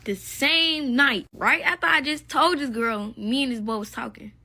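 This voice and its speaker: A woman's voice: a little high, animated, normal speed, gravelly, sharp tone. A young woman telling a casual story-time in a blunt, profane, gossipy way.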